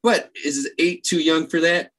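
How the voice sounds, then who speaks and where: A man's voice: a little high, fairly even intonation, measured pace, fairly bright tone. A man who is a guest on a podcast, chatting casually and telling a rambling story in an easygoing way. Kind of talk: casual chat.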